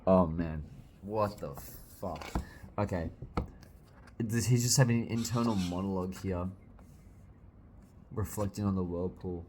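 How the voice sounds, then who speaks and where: Excitable low-voiced young man reacting. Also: measured pace, pauses often, slight background noise. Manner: excitable, swears often, bursts into loud exclamations. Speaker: manga reviewer. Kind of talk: casual reading reaction.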